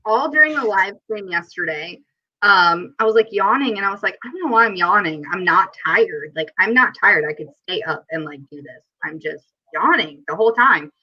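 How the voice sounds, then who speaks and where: A woman hosting a live stream, chatting casually and telling stories in a giggly, animated way over a video call. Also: medium pitch, a little fast, muffled recording. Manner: giggly, animated storytelling with quoted asides. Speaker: host.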